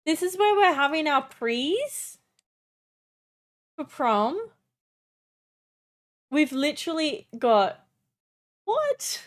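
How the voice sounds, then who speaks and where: A young adult woman streamer giving casual, excitable gameplay commentary, chatty and swearing often. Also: high voice.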